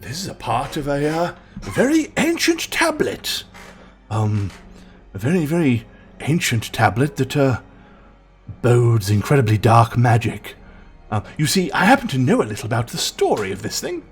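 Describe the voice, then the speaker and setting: A man voicing an excitable, fussy male wizard scholar who stumbles over his words. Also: medium pitch, moderate pace, soft background music. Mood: flustered.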